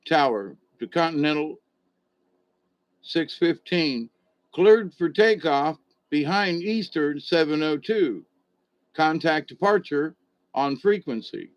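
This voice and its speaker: Slow, wry man reading jokes. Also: a little high, animated, no echo. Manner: chuckling, wry asides between jokes. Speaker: comedy reader.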